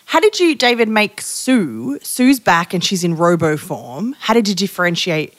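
A woman co-hosting a podcast, asking the others questions in a lively, wry way. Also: mid-range voice, moderate pace, dry recording. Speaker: podcast co-host, interviewer. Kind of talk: casual chat.

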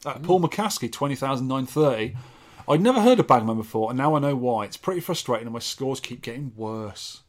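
A man hosting a laid-back podcast about old arcade games. He reads out listener scores with dry, teasing asides. His pitch sits in an ordinary middle range for a man. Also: lively intonation, a little fast. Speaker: podcast host. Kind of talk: casual podcast chat.

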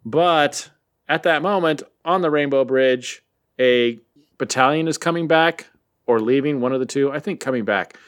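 A man's voice: medium pitch, moderate pace. A man co-hosting a podcast, casually recapping a comic with jokes and rambling asides. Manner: joking, rambling. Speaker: podcast co-host.

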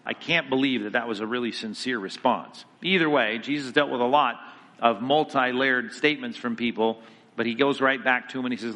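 A man's voice: mid-range voice, a little fast, bright, forceful tone. Emphatic man teaching theology in a hall. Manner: emphatic, conversational, asks the class questions. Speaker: Bible teacher. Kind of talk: theology lecture.

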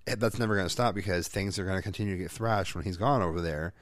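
Guy in his 30s ranting about his kids, swears a lot, lowish voice, super dry close mic. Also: fast, no echo. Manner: profane, animated storytelling. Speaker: parent. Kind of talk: casual chat.

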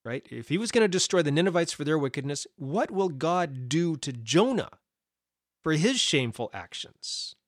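A man teaching a Bible study podcast, animated and emphatic, with conversational asides and restarts. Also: fairly high pitch, moderate pace, no room sound, studio quality. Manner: animated, emphatic with repeated stresses and brief laughs.

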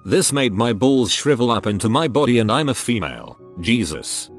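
A man narrating anonymous online stories in a steady read-aloud style. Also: mid-range voice, moderate pace, slightly rough. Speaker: narrator reading online posts. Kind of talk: scripted narration. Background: faint music.

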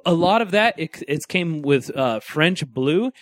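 Rambling trivia-spouting man, fairly high voice. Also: animated, measured pace, no room sound, clean studio sound. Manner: rambling, lecturing with trivia, crude jokes. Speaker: podcast co-host. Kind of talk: casual chat.

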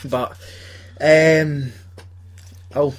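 A man's voice: a little high, fairly even intonation, extremely slow. A young Scottish man chatting casually about films, swearing and laughing often as he acts out scenes. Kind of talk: casual film chat.

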